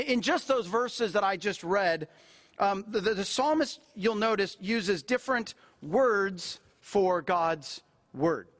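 A man preaching a sermon in a relaxed, conversational manner with a high voice. He is middle-aged and drives his points home by repeating key phrases. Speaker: pastor.

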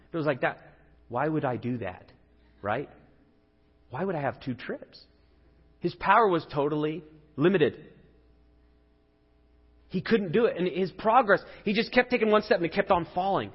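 Male pastor, 30s, conversational sermon delivery, slightly husky, dull lo-fi recording. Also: fairly high pitch, animated, normal speed, long pauses. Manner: earnest, conversational storytelling with rising emphasis. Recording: dull lo-fi audio with long hall reverb.

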